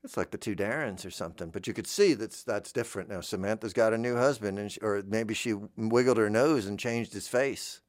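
Low-voiced man musing in a rambling way. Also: a little fast, few pauses, no room sound, clean studio sound. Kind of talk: casual monologue.

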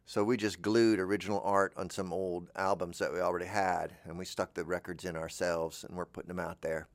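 A man's voice: deep voice, flat delivery, a little fast, dry recording. A middle-aged man delivering a rambling, self-mocking comic monologue, drifting between topics and slipping into silly voices. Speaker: comedy show host.

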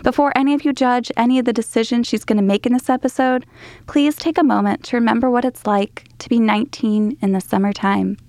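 A woman's voice: fairly high pitch, fairly even intonation, brisk, darkish tone, no room sound, studio quality. A woman hosting a radio show, talking directly to her listeners. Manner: direct, speaks straight to listeners. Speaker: radio host. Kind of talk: radio host link.

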